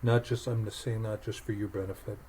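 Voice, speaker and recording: A man's voice: lowish voice, little pitch movement, fast, a little mellow, slight background noise, low-quality recording. A man hosting a podcast, telling stories in an emphatic conversational way, often repeating words as he gets going. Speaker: podcast host. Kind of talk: conversational storytelling.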